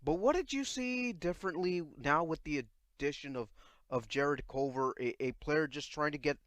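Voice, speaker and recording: A man hosting a sports podcast who asks questions in a halting way, with many fillers and restarts. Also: on the high side, a bit bright, no room sound. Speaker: podcast host. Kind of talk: casual interview chat.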